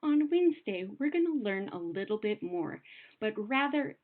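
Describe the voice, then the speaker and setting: Lively sing-song woman teacher, phone-like sound. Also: medium pitch. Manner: patient, sing-song teacher talk, slows to sound out words. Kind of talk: recorded classroom lesson.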